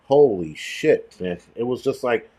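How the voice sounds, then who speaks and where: A man hosting a casual livestream chat, rambling and swearing freely with animated outbursts. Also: mid-range voice, unhurried. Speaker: host.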